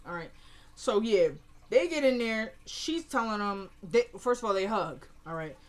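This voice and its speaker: A young woman giving a casual, opinionated recap of a TV episode, acting out the characters' lines in quick quoted bits. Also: medium pitch. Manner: animated, retells scenes in quoted voices, opinionated. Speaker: show recapper.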